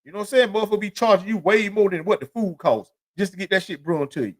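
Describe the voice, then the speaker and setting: Man, high-pitched voice, solo podcast monologue, profane, rambling storytelling. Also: very fast. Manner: loose, profane street storytelling; rambling, repeats "you know what I'm saying". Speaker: podcast host.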